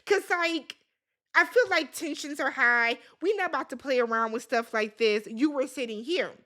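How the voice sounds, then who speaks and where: A woman with a high, bright voice recapping a reality show in a casual vlog. She talks animatedly and emphatically, gossiping and cursing freely as she tells the story. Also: normal speed.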